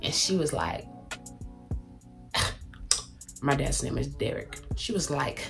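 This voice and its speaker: A woman's voice: very deep voice, very animated, slow, creaky, pauses often. A young woman telling a personal story in candid, profane casual talk, acting out other people's lines. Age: young adult. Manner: candid, profane, quotes people in raised voices. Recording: music playing loudly behind.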